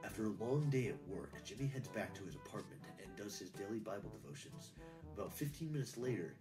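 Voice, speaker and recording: A man's voice: lowish voice, lively intonation, fast, recorded from a distance, over music, rough recording. A young man reading a story aloud, wry and self-mocking between passages. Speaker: friend reading a fan fiction aloud.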